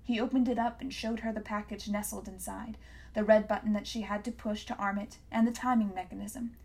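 A woman's voice: mid-range voice, steady tone, fairly quick, darkish tone, husky. Woman reading a novel aloud. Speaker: audiobook reader. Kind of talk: scripted narration.

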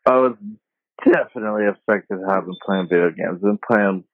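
A young man telling a story casually on a podcast, slangy and swearing, jumping high when he quotes people. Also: a little fast, no echo. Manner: laid-back slangy, swears often, voices others in high tones. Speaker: podcast guest. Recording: phone-like dry sound.

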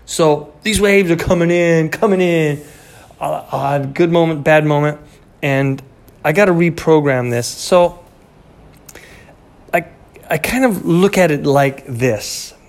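A man in his fifties hosts a podcast, offering a casual motivational monologue that wanders conversationally with many fillers and restarts. His voice is on the high side, and he speaks slowly, pausing often.

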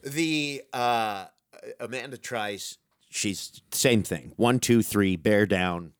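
A middle-aged man telling a long, animated, profane story in casual chat with a friend. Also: fairly low pitch, takes it slowly, smooth, no echo, studio quality. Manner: animated, profane, calls listener dude.

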